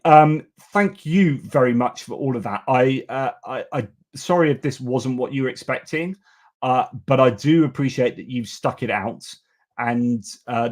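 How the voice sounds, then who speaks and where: A man hosts a live news stream in a loose, talkative way. He gives blunt opinions and often stops to restart his sentences with "um" and "uh". His voice sits at a middle pitch for a man. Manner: chatty and opinionated, with frequent fillers and restarts. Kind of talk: casual live-stream commentary.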